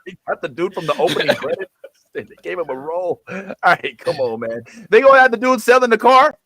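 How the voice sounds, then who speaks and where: A man's voice: sits high, big pitch swings, fairly quick, pushed and bright, no room sound. A man hosting a casual group chat show, laid-back and drawling, often trailing off and restarting. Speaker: podcast host.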